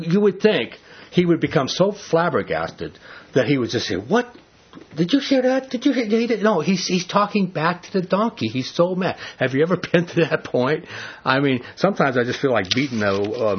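A man preaching a sermon, retelling a scripture story with earnest, joking, animated storytelling. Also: mid-range voice, slightly rough. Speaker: pastor. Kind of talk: expository sermon. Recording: dull lo-fi recording.

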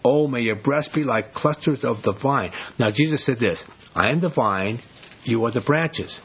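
Husky man teaching the Bible, lo-fi. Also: mid-range voice, normal speed. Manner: conversational, rambling with restarts, rises for emphasis. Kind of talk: informal Bible study sermon. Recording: dull lo-fi recording.

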